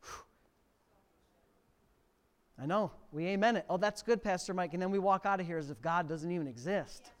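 A middle-aged male pastor preaching a sermon, swinging from quiet reading to near-shouted emphasis. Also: high-pitched, normal speed, pauses often. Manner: preaching with sudden loud rises to near shouting.

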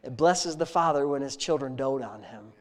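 A man's voice: mid-range voice, animated, moderate pace. Earnest man leading a heartfelt spoken prayer. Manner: earnest, heartfelt, repetitive praise phrases; conversational, intimate tone. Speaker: prayer leader.

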